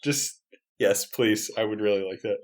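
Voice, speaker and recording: A man's voice: on the low side, steady tone, normal speed. A man co-hosting a comedy podcast, playfully chiming in with jokes. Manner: playful, eager, adds jokes. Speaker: podcast co-host. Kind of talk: casual comedic chat.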